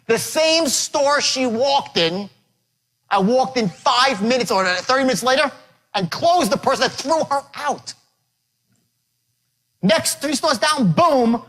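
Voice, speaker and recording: Animated high-energy male sales speaker. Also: a little slow, low-quality recording. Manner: animated and boastful, punchy phrases. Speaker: sales trainer giving a lecture. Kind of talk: motivational storytelling lecture to a live audience.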